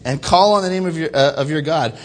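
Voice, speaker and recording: An impatient male ship captain bellows his orders, pitched up and loud, tossing out slang as he scolds. A man acts him out during a sermon. His manner is rough and brash, with no patience for delay. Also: brisk, in a large hall, close to an everyday voice. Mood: exasperated. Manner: slangy and scolding, calls people dude.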